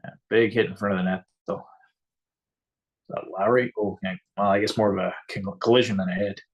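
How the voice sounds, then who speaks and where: A man with a low, husky voice talks through a hockey game in a relaxed, offhand live-stream chat. He drops dry asides between his opinions. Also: brisk. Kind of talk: casual hockey watch-along chat.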